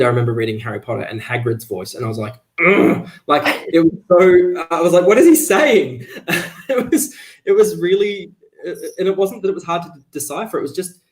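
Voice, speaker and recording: A man's voice: medium pitch, a little mellow. A man talking casually as an author guest on a livestream, chatty, with many fillers and restarts, over a video call.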